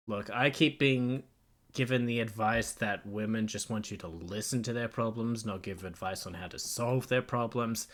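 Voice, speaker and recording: A man's voice: on the low side, normal speed, a bit bright. A man live-streaming a game, sarcastic and joking, swearing casually and laughing often as he teases the characters.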